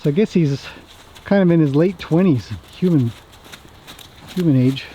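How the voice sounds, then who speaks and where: A man's voice: fairly high pitch, normal speed, dark tone, slight background noise, rough recording. Chatty man talking to his horses. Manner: chatty, talks fondly to the horses. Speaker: horse trainer. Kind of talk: casual commentary while working horses. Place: outdoors in a horse pen.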